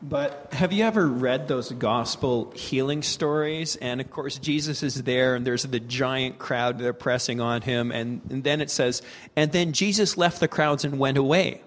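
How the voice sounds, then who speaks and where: A man's voice: medium pitch, normal speed, slight background noise. A man co-hosting a faith talk show, teaching in a reflective way and asking questions, with some fillers. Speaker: co-host. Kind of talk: faith-based conversational teaching. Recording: long reverb.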